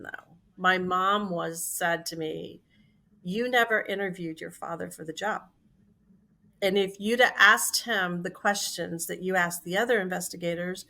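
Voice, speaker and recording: In conversation, this woman, a CEO in her sixties, animatedly recounts a story, performing the voices of the people she quotes. Her pitch is fairly low.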